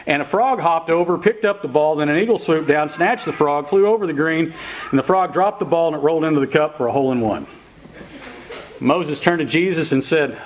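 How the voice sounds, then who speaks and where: A man delivers a sermon in an easygoing, folksy manner. His voice sits a little high, and he leans on fillers and small chuckles along the way. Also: low-quality recording. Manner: folksy, chuckles at own jokes, many fillers. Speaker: pastor. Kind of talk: sermon with opening jokes.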